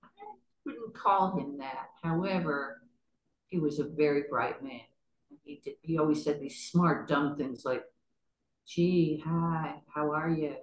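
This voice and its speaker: A woman's voice: deep voice, unhurried, reverberant, poor audio. A woman chatting as an interview guest, rambling and laughing often. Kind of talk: casual interview chat.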